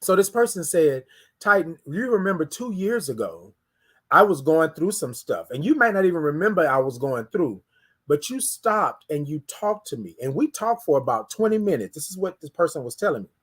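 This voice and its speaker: A man hosts a relaxed morning talk stream, slipping into quoted voices as he tells a story. His voice sits a little high for a man and moves freely. He often repeats words as he builds up to a point. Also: a little fast, slightly rough. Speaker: host. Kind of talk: casual morning livestream talk.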